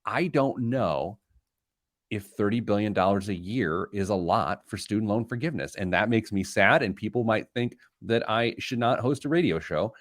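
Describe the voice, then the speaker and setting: A man's voice: fairly low pitch, animated, moderate pace, no room sound, clean studio sound. A middle-aged man hosting a radio show, chatting casually in a rambling, self-deprecating way. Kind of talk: casual chat.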